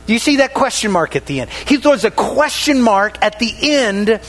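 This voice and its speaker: A man preaching a sermon to a congregation, pausing dramatically, dropping his voice on key words and calling for responses. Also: animated, a bit bright. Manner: dramatic pauses, drops voice low on key words.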